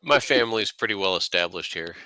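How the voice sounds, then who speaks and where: A man's voice: low-pitched, lively intonation, brisk, sharp tone, low-quality recording. A man playing a tabletop game, laid-back and asking questions about the rules. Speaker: player. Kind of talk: casual tabletop game chat.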